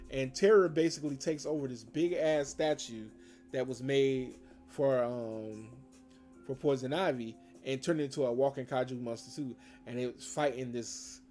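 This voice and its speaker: A man's voice: on the high side, dark tone. A man hosting a casual show review, retelling episode events in a rambling, conversational way and chuckling often. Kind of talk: casual spoiler review recap.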